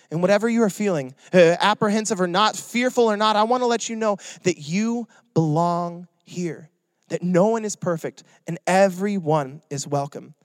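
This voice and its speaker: A man's voice: sits high, no echo. A young adult man preaching a sermon in a joking, conversational way. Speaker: pastor.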